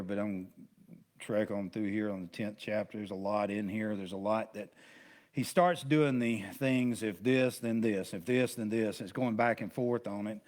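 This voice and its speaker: A man's voice: on the low side, a little mellow. Male pastor leading a casual Bible study; folksy, rambling teacher, chatty asides. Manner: rambling, conversational, with many restarts and asides; folksy, plain-spoken.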